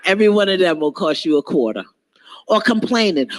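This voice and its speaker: A man giving an animated motivational sermon, calling out to the audience and acting out the voices of others. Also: a little high, a little fast, low-quality recording. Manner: animated, call-and-response, acts out voices. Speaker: motivational speaker. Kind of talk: inspirational preaching.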